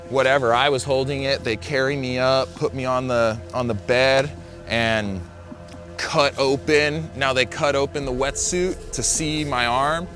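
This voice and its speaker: A man with a bright, forceful voice tells his story in a loose, rambling way. He leans on "like" and often restarts his sentences. Soft music sits faintly underneath. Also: mid-range voice, fairly even intonation, measured pace. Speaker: big-wave surfer. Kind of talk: casual personal storytelling.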